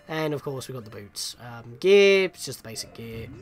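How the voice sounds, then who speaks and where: A man's voice: mid-range voice, lively intonation, normal speed. A man hosting a gaming channel, giving chatty, self-deprecating let's play commentary and reacting with surprise.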